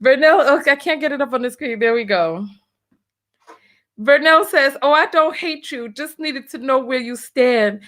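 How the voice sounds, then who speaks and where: High-voiced woman laughing through a livestream. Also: moderate pace, a bit bright. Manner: laughs often, exclaims "oh my Lord" and "have mercy". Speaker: livestream host. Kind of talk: casual livestream chat reading donations.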